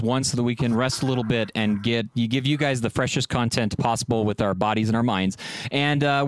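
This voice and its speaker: Quick-talking podcast co-host man. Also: mid-range voice, dry recording. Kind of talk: casual podcast chat.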